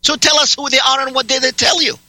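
Male talk radio host, high sharp voice, combative and sarcastic, dry studio mic. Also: flat delivery, fast talker, vocal fry, no room sound, low-quality recording. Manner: interrupting, demanding, sarcastic. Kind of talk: heated on-air argument with a caller.

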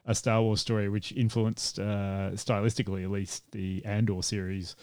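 A man's voice: on the low side, little pitch movement, normal speed, a little mellow, no room sound. A man hosting a casual film review podcast, joking around and laughing often between rambling asides. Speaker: podcast host.

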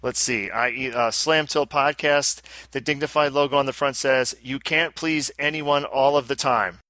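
Bright, dry-miked man reading listener mail. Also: mid-range voice, steady tone, normal speed, no room sound. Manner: reads letters aloud with joking asides. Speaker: podcast co-host. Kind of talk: casual podcast chat, reading listener mail.

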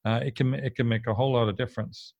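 A man with a middle-pitched voice co-hosts a casual podcast. He explains his points earnestly and often restarts or repeats words as he talks. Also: flat delivery, fast, darkish tone, no room sound, lo-fi sound. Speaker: podcast co-host.

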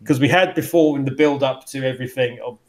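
A man's voice: mid-range voice, fast talker. A man co-hosting a casual wrestling podcast, rambling with many restarts. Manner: rambling, frequent restarts and laughs. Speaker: podcast co-host. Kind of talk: casual chat reviewing wrestling.

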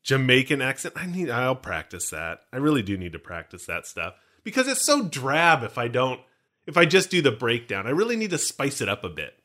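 A man's voice: mid-range voice, huge pitch swings, a little fast, bright, forceful tone. A man co-hosting a casual podcast, recapping a film with joking, rambling asides. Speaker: podcast co-host.

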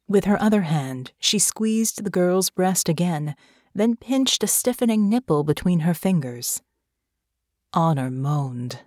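A woman narrating a story with a slow, measured reading. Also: on the low side, animated, darkish tone, no room sound, clean studio sound. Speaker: audiobook narrator. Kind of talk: scripted narration.

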